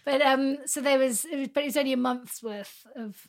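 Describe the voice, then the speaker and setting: Woman, casual chat, pitched a touch high, halting delivery. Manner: hesitant, lots of fillers and restarts. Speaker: songwriter.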